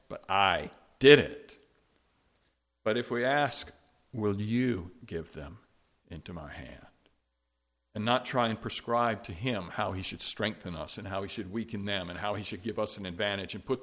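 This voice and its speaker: A man preaching a sermon verse by verse, swinging from loud emphatic peaks down to quiet, low asides.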